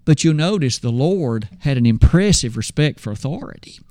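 A man's voice: a little high, lively intonation, moderate pace, warm tone, no room sound, clean studio sound. A man preaching a sermon, posing rhetorical questions and swinging his voice up and down when he quotes scripture.

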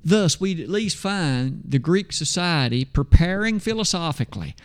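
A man preaching a sermon, emphatic, asking rhetorical questions and slowing down to stress scripture. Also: a little high, animated.

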